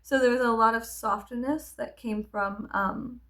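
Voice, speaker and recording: A woman vlogger at home telling a personal story in a casual, rambling way with many fillers and halting restarts. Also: a little high, steady tone, a bit bright. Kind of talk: casual storytelling while getting ready. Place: at home with animals nearby.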